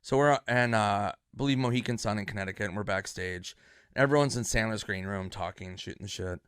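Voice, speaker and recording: A comedian telling backstage stories in a loose, rambling way, swearing freely. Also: male voice, on the low side, a little fast, fairly bright tone, clean tone, no room sound, clean studio sound. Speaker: comedian guest. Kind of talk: casual anecdote telling.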